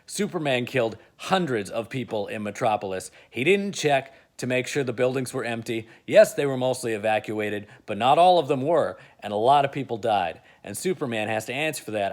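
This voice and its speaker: A man's voice: mid-range voice, sing-song, a little fast, hardly any pauses, natural voice. A man voicing a brash, cocky rich playboy with a smug, teasing manner. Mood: lecturing.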